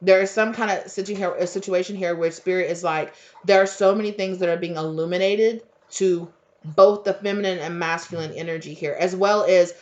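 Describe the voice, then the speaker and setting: A woman's voice: on the low side, fairly even intonation, fairly quick, darkish tone. Rambling woman giving a tarot reading. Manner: rambling, filler-heavy, conversational. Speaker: tarot reader. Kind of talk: casual spiritual tarot reading. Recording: dull lo-fi audio.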